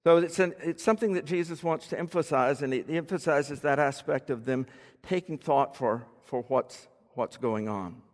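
A man's voice: a little high, normal speed. A man giving a teaching sermon in a conversational way, explaining words and asking his listeners questions. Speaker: preacher. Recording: long hall reverb.

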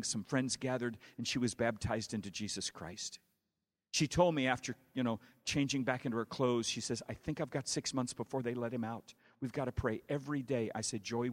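A male preacher telling a story in a sermon, with dramatic swings from hushed to loud. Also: medium pitch, in a large hall.

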